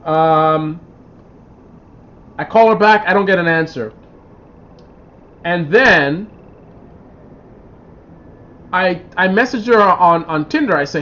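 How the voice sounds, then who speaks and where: A livestream host with a high male voice chats casually over dull, lo-fi stream audio. He talks a little slowly and pauses often, rambling through animated stories and reading out viewer comments.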